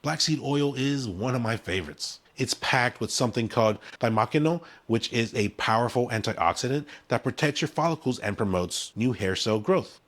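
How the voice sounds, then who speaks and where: A man's voice: mid-range voice, lively intonation, normal speed, few pauses, a bit bright. A man, a hair-care brand founder, giving a punchy, conversational direct-to-camera explainer with stressed key words.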